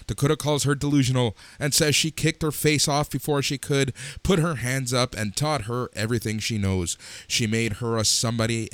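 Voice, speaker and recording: A man hosting a podcast, briskly recapping wrestling segments and adding casual opinions. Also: mid-range voice, fairly bright tone, dry recording. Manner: brisk recap, plain-spoken. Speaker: podcast host.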